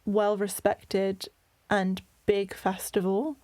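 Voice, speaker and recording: A woman's voice: medium pitch, flat delivery, slow pace, a little mellow. A young British woman with an enthusiastic, gushing manner, chatting casually as an interview guest. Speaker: guest, burlesque performer.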